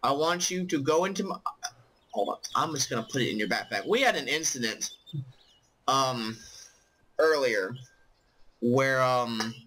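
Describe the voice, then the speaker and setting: A man's voice: medium pitch, lively intonation, unhurried, pauses often, bright, forceful tone, rough recording. A tired man casually commenting on his own gameplay as host, rambling with lots of ums and swearing. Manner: rambling, full of ums, profane. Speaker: let's play host.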